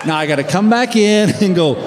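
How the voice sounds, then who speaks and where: A middle-aged man telling a stand-up routine, a drawling storyteller who mimics his wife in a higher voice. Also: expressive, brisk, very noisy. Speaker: stand-up comedian. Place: large theater stage. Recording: long hall reverb with loud crowd. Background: audience laughter.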